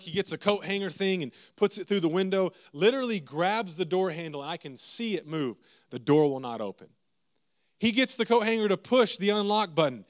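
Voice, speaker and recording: A man, preaching a sermon as a lively, self-mocking story with asides to the congregation. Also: high voice, clean tone.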